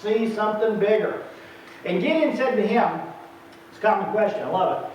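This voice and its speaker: A preacher with a high, bright voice delivers an animated sermon and acts out the lines of biblical figures. He is heard from a distance in a big, echoing room. The recording sounds dull and muffled. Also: moderate pace, slight background noise. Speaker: pastor. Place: church sanctuary.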